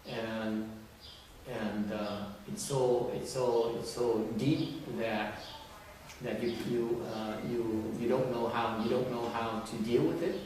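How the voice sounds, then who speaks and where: A man gives an informal talk to a group at a middle pitch, with a conversational, teasing manner and frequent restarts. He is recorded from a distance in a strongly echoing room, with faint noise behind him. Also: steady tone, slow, a little mellow. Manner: conversational, repetitive restarts, teasing questions, chuckles. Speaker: teacher addressing a group. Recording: very echoey room, distant mic.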